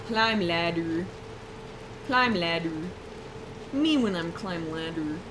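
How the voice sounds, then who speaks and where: A young woman streaming a game, chatting playfully with her viewers and squealing when excited. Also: medium pitch, noisy background. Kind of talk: casual gameplay commentary.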